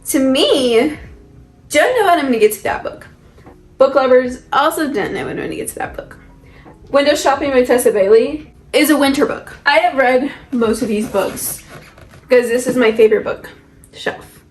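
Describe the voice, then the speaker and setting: A woman's voice: high-pitched, lively intonation, normal speed. A young woman chatting casually as she shows off the books on her shelf, rambling and asking herself questions. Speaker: book vlogger. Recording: echoey room with soft music. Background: soft background music.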